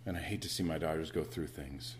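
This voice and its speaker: A man's voice: extremely low pitch, fairly quick, a little hiss or hum. A middle-aged man, a pastor, preaching a conversational sermon to his church, repeating words and pressing his points with emphatic rises.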